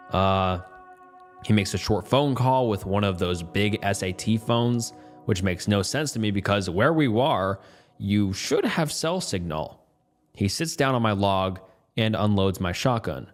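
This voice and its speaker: A man's voice: lowish voice, expressive, a little slow, faint music behind. A man narrating a first-person story in a tense, matter-of-fact way.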